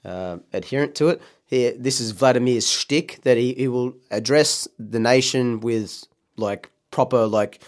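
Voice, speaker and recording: A man co-hosts a casual podcast in a mid-range voice at a measured pace. He rambles, filling his talk with ums and restarts, and laughs often.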